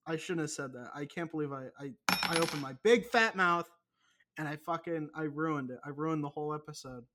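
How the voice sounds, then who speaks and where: A man's voice: on the high side, brisk, pushed and bright. Profane, rambling young man. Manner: profane, rambling, self-mocking. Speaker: podcast co-host. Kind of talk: casual chat.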